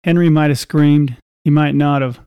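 A man reading a scripted story aloud in a measured, even way. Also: fairly high pitch, clear, resonant tone, no echo.

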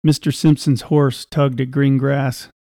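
A man reading a scripted story aloud in a measured, even way. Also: mid-range voice, dry recording, clean studio sound.

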